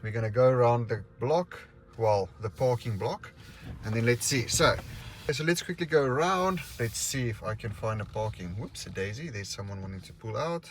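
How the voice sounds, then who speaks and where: A man's voice: mid-range voice, lively intonation, normal speed, a little hiss or hum. A man, casually talking viewers through a car, thinking aloud as he goes. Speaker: car reviewer. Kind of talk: casual vlog walkthrough. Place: outdoors and inside a car.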